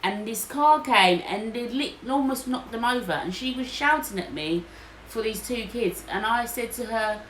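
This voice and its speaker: A woman's voice: on the high side, moderate pace. A woman co-hosting a podcast, telling a story in casual chat and acting out what other people said. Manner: animated, acts out quotes. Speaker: podcast co-host. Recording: echoey room, faint noise.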